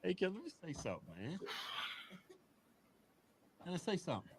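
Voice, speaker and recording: Male co-host, casual, laughs often, insists on being heard, extremely lively pitch. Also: fairly quick, background noise. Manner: laughs a lot, keeps pushing to make his point. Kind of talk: casual political banter.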